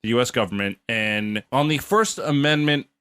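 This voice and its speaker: A man's voice: mid-range voice, moderate pace, bright, forceful tone, smooth. A man co-hosting a comedy podcast, telling a history story in a blunt, mocking way with filler words. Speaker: podcast co-host.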